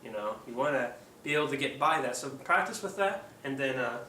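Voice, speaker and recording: A man's voice: medium pitch, animated, fairly quick, pushed and bright. Rambling man explaining casually in an echoey room. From Oregon, USA. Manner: rambling, hesitant, lots of ums. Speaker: puppeteer, channel host. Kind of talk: casual how-to tutorial. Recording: echoey room, distant mic, faint background hum.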